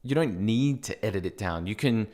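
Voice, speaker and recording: An Australian man with a fairly low voice co-hosts a casual podcast chat. He talks in an animated way, tells stories and laughs often. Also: normal speed. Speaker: podcast co-host, software company founder.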